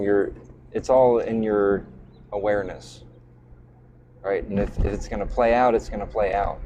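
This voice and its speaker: A man with a low, mellow voice hosts a loose, rambling call-in chat and swears in bursts at an unseen system. A faint hiss sits under his voice on the call. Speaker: show host.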